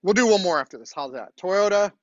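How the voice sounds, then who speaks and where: A man's voice: sits high, expressive, brisk, no room sound, muffled recording. A middle-aged man, a university lecturer, telling a story in a classroom lecture and often asking "okay?". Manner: chatty storytelling, frequent "okay?" check-ins.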